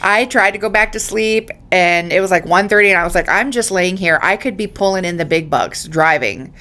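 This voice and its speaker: A woman's voice: medium pitch, a little fast, pushed and bright. A woman co-hosting a podcast in casual chat, earnest and apologetic. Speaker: podcast co-host.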